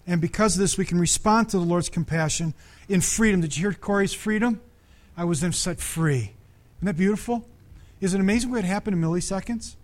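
High-pitched male pastor, conversational sermon delivery, engages congregation with questions. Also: fast talker, hardly any pauses.

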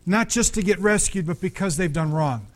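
High-pitched male pastor, conversational sermon delivery, engages congregation with questions. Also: lively intonation, normal speed.

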